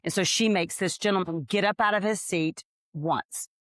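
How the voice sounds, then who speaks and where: Her voice sits fairly low and moves at a moderate pace as she co-hosts a podcast, energetically telling a story and performing the other characters' lines in a casual chat. It's a clean, echo-free studio recording.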